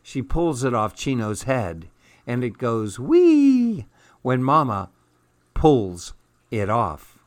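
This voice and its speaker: A man reading children's picture books aloud in a gentle, measured, soothing way. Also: mid-range voice, lively intonation, no echo, studio quality. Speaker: storyteller. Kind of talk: children's storybook read-aloud.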